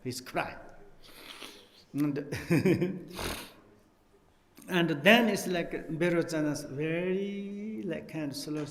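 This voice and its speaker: A man gives a Buddhist teaching at a very slow pace, his voice pitched a little high. His English is halting and non-native, full of restarts, and he jokes with his listeners. The hall is echoey, and a long reverb trails after his words. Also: fairly bright tone. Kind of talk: teaching on a text, telling a story.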